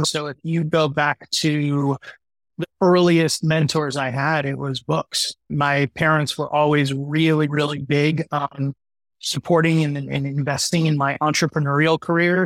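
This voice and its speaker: Lively storytelling businessman, dry sound. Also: fairly high pitch, dry recording. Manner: animated, acts out quoted voices in stories. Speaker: guest entrepreneur. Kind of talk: storytelling interview answer.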